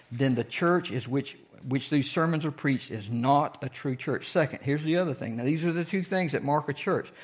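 A man, a pastor teaching a sermon in a conversational way and often asking the congregation questions. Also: mid-range voice.

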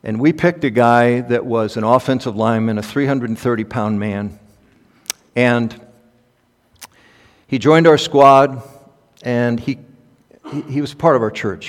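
A man preaching in a mid-pitched voice, chatty and halting as he tells personal stories. His delivery climbs to emphatic, raised peaks. The sound carries the long reverb of a big conference hall. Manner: conversational, halting with ums, rising to emphatic peaks. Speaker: pastor.

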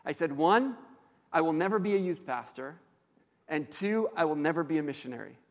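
Casting note: man, pastor delivering a sermon, somewhat high voice, long reverb of a hall. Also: brisk. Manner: animated storytelling preacher with fillers.

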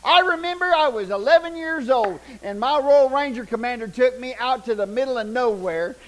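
An older man preaching a sermon, telling folksy stories, loud one moment and hushed the next. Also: very high-pitched, normal speed, rough recording. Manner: folksy, animated, shouts punchlines, drops to hushed tones. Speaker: pastor. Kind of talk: sermon with storytelling.

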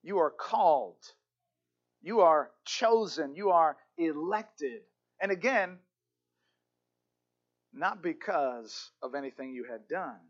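A man's voice: on the high side, lively intonation, slow pace, pauses often. A male pastor preaching a sermon with emphatic repetition and occasional stammered restarts. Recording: dull lo-fi recording.

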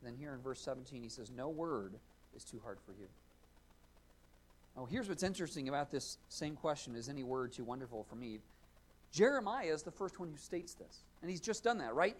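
A male pastor preaching a sermon, earnest and explanatory, rising to loud emphatic readings of scripture. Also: fairly high pitch, slightly rough.

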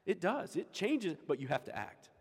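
A man's voice: high-pitched, big pitch swings, moderate pace, husky. Emphatic preacher man in an echoey hall. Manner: emphatic, repeats key lines. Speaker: pastor. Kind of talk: sermon. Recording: echoey hall with long reverb.

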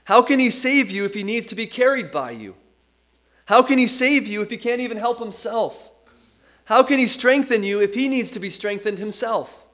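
A man's voice: sits high, a bit bright. A middle-aged man preaching a sermon as pastor, earnest and emphatic, leaning on repetition.

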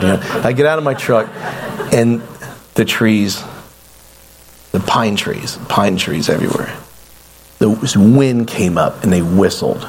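A middle-aged man preaching, telling a personal story with lively acted-out quotes and self-deprecating asides. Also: lowish voice, slightly rough. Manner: animated storyteller, acts out quoted voices. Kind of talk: storytelling sermon.

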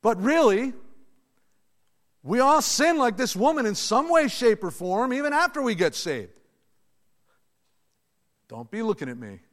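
A man preaching a sermon to his church, in a lively, conversational way with asides to the congregation. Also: very high voice, measured pace, long pauses. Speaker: pastor. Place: church sanctuary. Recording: long reverb of a large hall.

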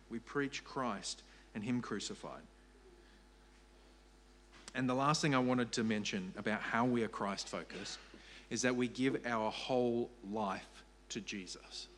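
A man's voice: mid-range voice, unhurried, fairly bright tone, slight background noise. A man preaching a sermon as pastor, earnest and repeating key phrases for emphasis.

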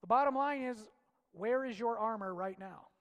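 Male preacher, high voice, impassioned delivery in a reverberant hall. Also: normal speed, muffled recording. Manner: impassioned, swings from loud shouts to hushed low lines. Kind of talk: sermon.

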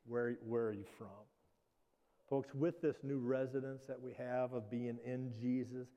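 A male pastor from the Midwest preaches in a relaxed, conversational way, often restarting his phrases. His voice is dark and mellow, and a long reverb trails each line in the church hall. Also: medium pitch, a little slow, lo-fi sound. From Midwestern United States. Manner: conversational, with frequent restarts and "you know". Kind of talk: sermon.

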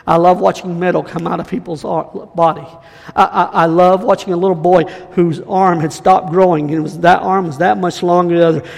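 Male preacher, fervent storytelling and declarations, raspy edge, reverberant hall. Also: fairly high pitch. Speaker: guest preacher. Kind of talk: sermon and prophetic declaration.

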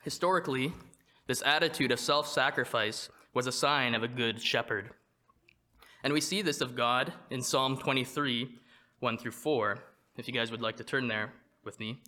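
A man preaching a sermon, reading from a prepared text in a measured way and slowing down to stress quoted verses. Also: medium pitch, bright, forceful tone. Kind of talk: read sermon.

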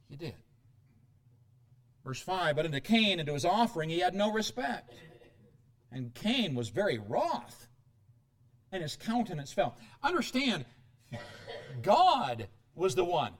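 With a high, animated voice, a middle-aged preacher gives a sermon that lurches between whispered asides and abrupt loud bursts. His pitch leaps and drops as he hammers home each point.

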